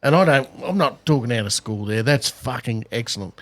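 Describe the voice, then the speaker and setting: A man's voice: medium pitch, lively intonation, a little fast. A middle-aged Australian man, a podcast co-host, telling travel stories bluntly with constant swearing in casual chat. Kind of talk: casual pub-style chat.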